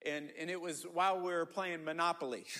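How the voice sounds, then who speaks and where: A man's voice: on the high side, fairly even intonation, normal speed, sharp tone. A middle-aged man preaching a sermon, emphatic and repetitive, often restarting his words. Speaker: pastor.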